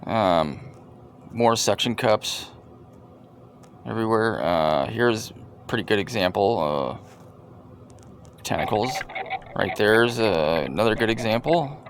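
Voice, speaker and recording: A man hosting a video and commenting casually over clips in a deadpan, rambling, joking way. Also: on the low side, takes it slowly, pauses often, slight background noise. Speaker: video host.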